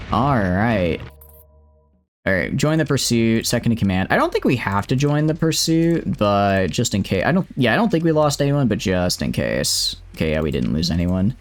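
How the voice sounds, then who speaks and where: A man's voice: fairly low pitch, big pitch swings, moderate pace, slight background noise. A young man streaming a space strategy game, rambling chattily to his chat and his ships. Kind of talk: live gameplay commentary.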